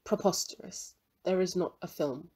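A woman's voice: moderate pace, darkish tone, breathy edge. A woman reading as a stern, bitter old professor. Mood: dismissive. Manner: low, bitter, guarded. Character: elderly male Chinese professor, stern, bitter, frail.

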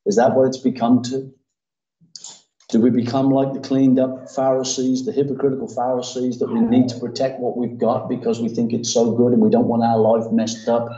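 A man's voice: medium pitch, warm tone. A man, preaching a sermon as pastor, acting out quoted voices with emphatic repetition. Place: church hall. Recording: roomy church sound from a distance, dull.

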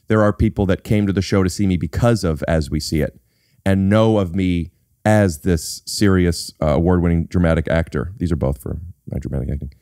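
A man's voice: low-pitched, darkish tone, no room sound. A man hosting a podcast, explaining things in a playful, mock-serious way into a studio mic. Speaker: podcast host and actor. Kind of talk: casual podcast chat.

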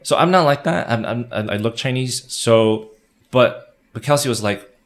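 A man in his thirties, a missionary guest in an interview, telling animated stories with many restarts. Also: lowish voice, moderate pace. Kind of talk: conversational interview.

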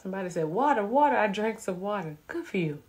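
A woman in her thirties hosting a casual live stream from home on a phone, chatting with viewers and reading out their comments in a relaxed, chatty way. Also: mid-range voice, fast. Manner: relaxed, chatty, laughing asides. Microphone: phone camera.

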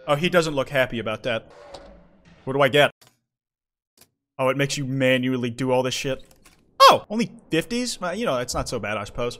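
Excitable, shrieking young gamer guy. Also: a little high, moderate pace, pauses often, soft background music. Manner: excitable, profane, yells and shrieks at the game. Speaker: streamer playing a video game. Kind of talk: gaming commentary.

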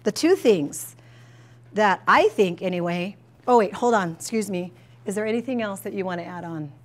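A middle-aged woman counselor talks to college staff at a mid-range pitch, chatty and animated. She jokes and leans on casual fillers, speeding up and slowing down as her stories unfold. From United States. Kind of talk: informal staff training talk. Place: presentation room, talking to staff.

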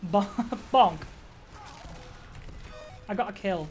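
A woman live-streaming a game, chatting casually with her viewers, reacting out loud, swearing and laughing often. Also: medium pitch, drawn-out words, music in the background. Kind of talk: casual gaming commentary.

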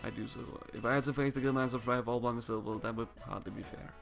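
A man doing pompous parrot foreman, scolding, gravelly voice. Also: mid-range voice, steady tone, fast talker, soft background music, natural voice. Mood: stern. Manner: scolding, bossy, hesitant when nervous. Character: strict pompous male parrot Pokemon, guild foreman.

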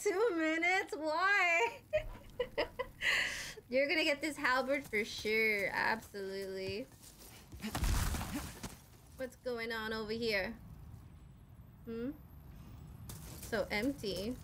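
Young woman game streamer, high bright voice, unhurried, yells at enemies, faint hiss behind. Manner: excitable, swears and screams at enemies. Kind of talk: live gameplay commentary.

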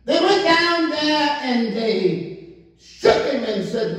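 A man preaching a sermon as pastor, drawing out his words and rising into excited calls to the congregation. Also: extremely high pitch, slow. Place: church sanctuary. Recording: echoey church from far off.

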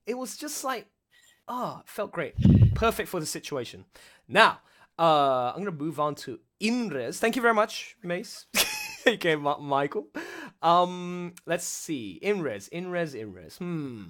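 A man hosting a casual livestream chat with voice actors, excitable and rambling, laughing often. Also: a little high, unhurried. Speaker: livestream host.

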